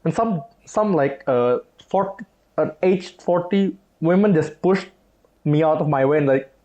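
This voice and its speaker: A young man hosts a podcast, telling stories in an animated way and laughing often. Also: on the high side, unhurried, muffled recording. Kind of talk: casual chat.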